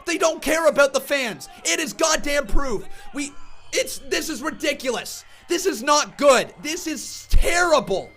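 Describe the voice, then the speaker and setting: A man ranting furiously on a live reaction stream, shouting, swearing and repeating words in angry bursts. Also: very high voice, animated, unhurried, faint music behind.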